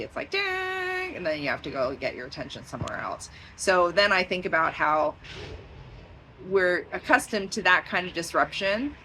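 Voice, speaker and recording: A woman's voice: deep voice, pushed and bright, slight background noise, rough recording. A woman talking in a rambling, stream-of-consciousness vlog, drifting into tangents and laughing often. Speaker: vlogger.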